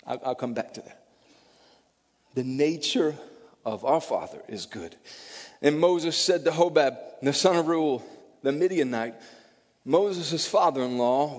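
A middle-aged man preaching a sermon, emotional and tearful, swinging from loud emphatic peaks to soft near-whispers. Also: fairly high pitch, expressive, a little slow, pauses often. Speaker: pastor. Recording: long reverb of a large hall.

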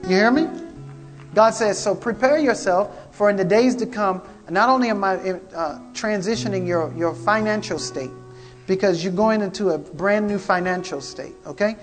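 Fervent preacher over soft guitar. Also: male voice, high-pitched, normal speed. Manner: fervent, repetitive, calls out to congregation. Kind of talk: prophetic sermon. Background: guitar music.

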